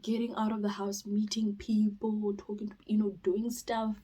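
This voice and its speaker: A young woman from South Africa chatting casually on her vlog, rambling and expressive, with sudden loud bursts and whispered asides. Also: medium pitch, normal speed, slightly rough, poor audio. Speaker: YouTuber. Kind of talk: casual chat.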